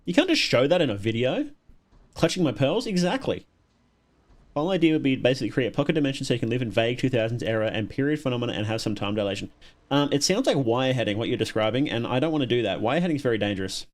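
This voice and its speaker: A man's voice: medium pitch, animated, quick pace. An Australian man hosting a casual livestream, reacting to videos and chatting with viewers, often chuckling and repeating words as he thinks.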